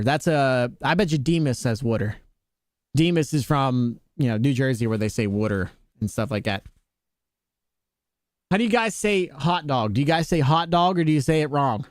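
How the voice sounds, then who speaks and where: A young man chats casually with his stream viewers while gaming, relaxed and jokey, his voice jumping up when he teases. His voice sits a little high for a man. The sound is dry and close to the mic. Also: dry recording. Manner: laid-back, jokey, talks to chat, playful pitch jumps on jokes.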